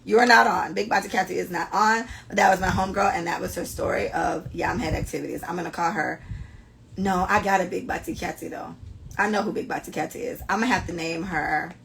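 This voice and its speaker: A woman's voice: lowish voice, steady tone, fast talker, creaky, a bit bright, slight background noise. A woman hosting a podcast in casual chat, blunt and profane, reading listener stories aloud with her own running commentary. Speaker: podcast host.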